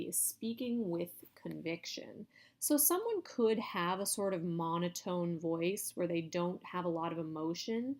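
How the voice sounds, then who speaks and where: Woman instructor, slightly low voice, patient explanatory lecture delivery. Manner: explanatory, even teaching tone with some hedging. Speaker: college instructor. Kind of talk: recorded video lecture.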